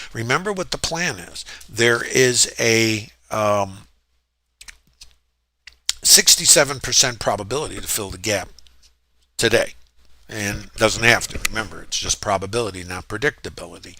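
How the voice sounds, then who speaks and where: A man's voice: medium pitch, pushed and bright, no room sound. A man walking through his trades in a casual, rambling lesson, often asking rhetorical questions. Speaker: trading educator. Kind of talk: screen-share trading lesson.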